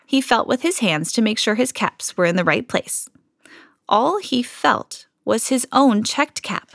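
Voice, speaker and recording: Expressive mom reading a picture book. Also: female voice, mid-range voice, no room sound, clean studio sound. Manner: expressive, lingers on repeated phrases. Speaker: storybook reader, podcast host.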